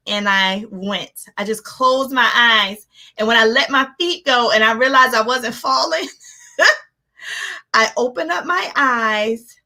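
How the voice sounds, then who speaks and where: A woman life coach giving an energetic motivational talk, animated and laughing often as she acts out her own reactions. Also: on the high side. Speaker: life coach hosting a live motivational session.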